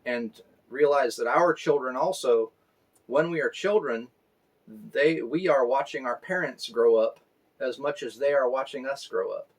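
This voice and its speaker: A man in his forties giving a conversational story sermon, reflective and unhurried, with fillers. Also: fairly high pitch. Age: 40s. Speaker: pastor.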